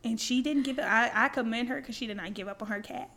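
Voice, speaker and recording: Laughing, high-voiced woman telling stories. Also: fast, a bit bright. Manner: laughs often, mimics people in stories. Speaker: podcast co-host. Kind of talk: casual storytelling chat.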